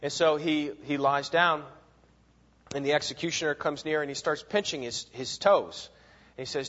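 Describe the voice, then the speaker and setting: Bible teacher guy, emphatic and animated, voice a bit high, muffled lo-fi audio. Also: normal speed. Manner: animated, emphatic, repeats words and asks "right?". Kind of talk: classroom lecture with readings.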